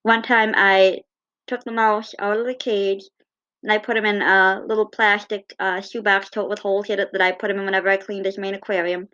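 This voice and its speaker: A woman telling fond, gently humorous personal stories in a casual way. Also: mid-range voice, muffled recording. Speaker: cat owner.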